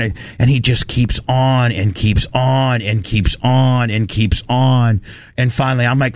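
A man hosting a radio show, telling a story in a fired-up, animated rant and quoting people as he goes. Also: medium pitch, unhurried. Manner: animated, fired-up, quotes people in his retelling. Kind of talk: casual on-air storytelling rant.

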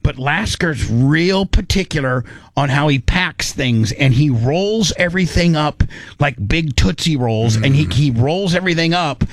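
A man's voice: a little high, unhurried, no echo. A man telling a rambling, comic story in a casual chat. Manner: rambling, animated, restarts often.

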